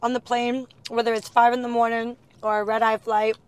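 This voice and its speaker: A young woman chatting casually as a guest, giggly and animated, slipping into playful put-on voices as she tells stories. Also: fairly high pitch, a little fast, slight background noise. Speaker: reality TV guest. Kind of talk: casual chat.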